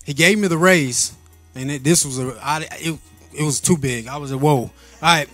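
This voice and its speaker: A man with a slightly higher voice tells a personal faith story in a relaxed, earnest way. He often repeats and restarts his words and laughs between phrases. Soft music plays faintly behind him. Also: normal speed. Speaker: vlogger sharing a faith testimony. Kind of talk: casual spoken storytelling.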